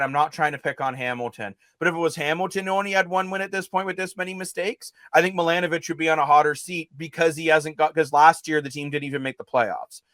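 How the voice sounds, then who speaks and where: High-pitched guy ranting about football, dry close sound, fired up and fed up. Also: a bit bright, no room sound. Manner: ranting, emphatic, frustrated. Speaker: sports talk show co-host. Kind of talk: heated sports talk.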